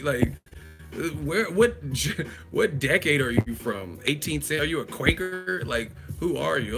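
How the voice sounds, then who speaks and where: A man's voice: fairly high pitch, animated, moderate pace, vocal fry, music in the background. A man hosting a live chat stream, roasting a viewer in a profane, mocking, laughing way. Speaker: livestream host.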